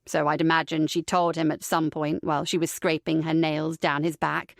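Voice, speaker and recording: A woman's voice: deep voice, level tone, normal speed, gravelly, no room sound, studio quality, pitched below the performer's own voice. A woman reading an audiobook, voicing a cruel, foul-mouthed young man who taunts his captive with contempt. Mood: sneering. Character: cruel sneering young man, villainous captor.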